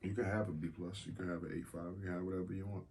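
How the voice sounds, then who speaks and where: A man's voice: deep voice, little pitch movement, rapid-fire, darkish tone. A man co-hosting a podcast in casual chat, laid-back and playful in his banter. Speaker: podcast co-host.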